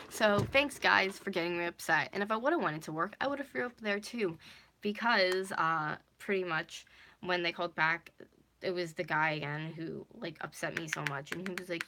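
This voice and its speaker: A woman's voice: on the low side, sharp tone, a little hiss or hum. A woman in her twenties telling a casual storytime vlog, rambling with a lot of "like" and the odd swear word. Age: 20s. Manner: rambling, heavy use of "like", swearing. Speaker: vlogger.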